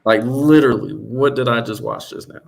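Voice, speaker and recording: A man in the middle range of pitch hosts a loose, casual conversation. He talks bluntly, curses freely and gets animated when he tells a story. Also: fairly quick, gravelly. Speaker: podcast host. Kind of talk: casual chat.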